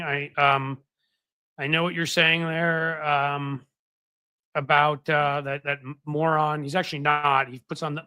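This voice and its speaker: A man's voice: a little high, pushed and bright, clear, resonant tone, no room sound. A man hosting a casual political live stream, chatting to viewers in a rambling, easygoing way. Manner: rambling, chatty, many fillers and restarts. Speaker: political commentary host. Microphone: desk microphone.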